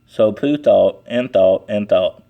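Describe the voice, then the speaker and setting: A man reading a children's storybook aloud in a slow, deliberate way. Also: on the low side, creaky, lo-fi sound. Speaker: storybook reader. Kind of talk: children's book read aloud.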